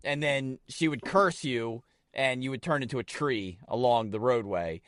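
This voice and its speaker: A man with a mid-range voice co-hosts a podcast at a normal speed, with slight background noise in the recording. His casual chat is rambling and excitable, full of stories and swearing.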